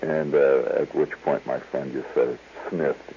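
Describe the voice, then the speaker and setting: Deep-voiced man telling a rambling story. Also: steady tone, unhurried, hardly any pauses, slight background noise. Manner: digressive, chuckling raconteur. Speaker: radio host. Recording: tinny 1970s radio broadcast.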